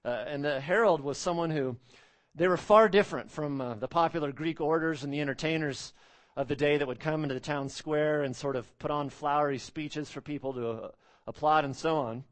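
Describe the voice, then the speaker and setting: A man's voice: on the high side, brisk. A man preaching an expository sermon as pastor, earnest and emphatic, repeating phrases and stretching out key words.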